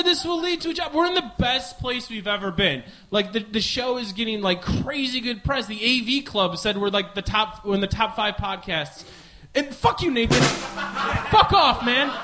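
A man in his twenties from the Midwest rambles through a self-mocking comic monologue as host of a live show. His voice sits high and leaps all over the place as he gets excited. He swears freely and keeps tumbling from one tangent to the next. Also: slight background noise. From American Midwest. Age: 20s.

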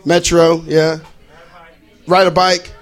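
A man's voice: fairly high pitch, little pitch movement, slow, poor audio. A young adult man from Idaho performing a stand-up comedy set, bouncing into exaggerated character voices. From Boise, Idaho.

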